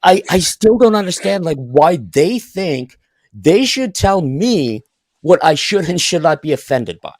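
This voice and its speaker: A man's voice: a little high, very animated, unhurried. A man on a live stream video call, rambling and heated, with many stammered restarts. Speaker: stream guest. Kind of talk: heated casual stream chat.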